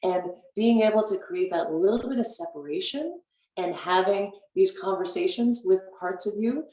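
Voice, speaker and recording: A woman's voice: expressive, normal speed, mellow. Playful woman with a roomy, distant sound. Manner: playful, acts out inner voices with big pitch jumps. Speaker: guest. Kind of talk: casual radio talk. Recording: echoey, distant from the mic.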